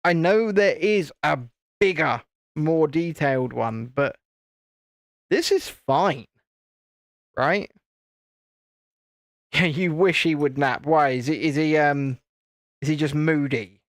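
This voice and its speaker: A man's voice: on the high side, slow, long pauses, no room sound, studio quality. A man, hosting a casual live stream, chatting and teasing while he builds a model. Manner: chatty, teasing, self-deprecating.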